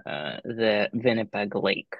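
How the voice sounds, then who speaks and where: A man guesting on a comedy football chat, deadpan and halting as he plays a transfer agent. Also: on the low side, gravelly, dry recording, dull audio.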